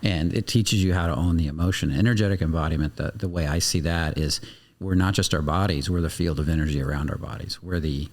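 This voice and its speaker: A man's voice: very deep voice, fast. A man speaking as a guest coach on a podcast, talking intensely, swearing freely and acting out little scenes of dialogue. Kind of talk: animated podcast interview talk.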